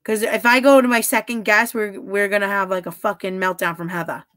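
Chatty woman streaming live, blunt, curses a lot, bright edge on her voice. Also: mid-range voice, steady tone, brisk. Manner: chatty, blunt, swears freely. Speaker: livestreamer reading chat. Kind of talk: casual live-stream chat.

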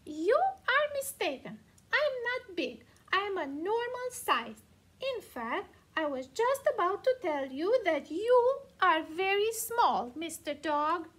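A prim, vain storybook horse with a fussy, slightly superior way of talking, as a woman reading aloud puts it on. Its lines come high and slow, drawn out with care. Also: sing-song, a bit bright, heavily acted. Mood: haughty.

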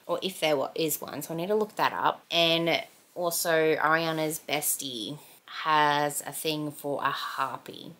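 In a low-pitched, fairly bright voice, a young Australian woman talks about her current books from home in a relaxed review chat. She says "like" constantly, laughs a lot, and keeps things chatty, as a book vlogger would.

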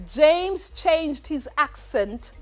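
A woman's voice: high-pitched, expressive, very slow, soft background music, full character voice. A woman teacher putting on a foreign accent to read exam options aloud, drawn out and emphatic. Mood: playful.

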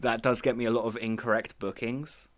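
A woman's voice: very deep voice, fairly even intonation, fairly quick. A woman in her twenties co-hosting a comedy podcast, joking playfully and laughing often, on a voice-call mic. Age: 20s. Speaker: podcast co-host. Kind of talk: casual comedy chat. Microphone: computer mic on a voice call.

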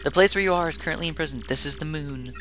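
A man's voice: on the high side, noisy background, voice pushed up, lightly acted. A man doing a stiff, formal game computer. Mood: solemn. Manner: stiff, formal, measured speech. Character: dutiful male base computer with a conscience.

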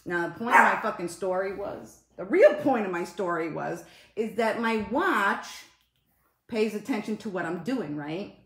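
A woman's voice: medium pitch, expressive, unhurried, roomy sound, heavy background noise. A woman on a casual live stream, swearing a lot and greeting viewers in the middle of her story.

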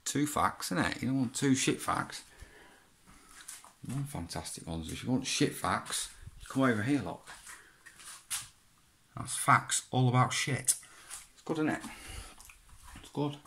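A man's voice: mid-range voice, animated, moderate pace, gravelly, long pauses, a bit bright, slight background noise. A man chatting casually, rambling as he goes through boxes of his child's old belongings, swearing and laughing as he talks. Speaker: vlogger. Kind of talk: casual chat, talking to an absent child.

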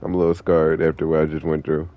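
A man's voice: extremely low pitch, completely flat delivery, fast talker, phone-quality sound. A young man streaming an online game, chatting with viewers in a laid-back, slangy, profane way. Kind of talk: casual live-stream chat.

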